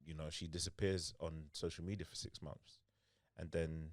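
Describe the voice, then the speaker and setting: A young man, a podcast guest talking in a laid-back, measured way. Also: extremely low pitch, little pitch movement, no echo, studio quality. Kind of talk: casual chat.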